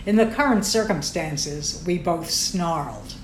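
A woman's voice: lowish voice, animated, a little slow, a little hiss or hum. A woman narrating first-person fiction in a wry, sardonic manner. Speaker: audiobook narrator. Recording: roomy echo.

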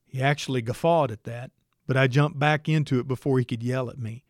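A man's voice: medium pitch, steady tone, fairly quick, no room sound. A man narrating a story in the first person, with a wry, dry storytelling manner. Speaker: audiobook narrator.

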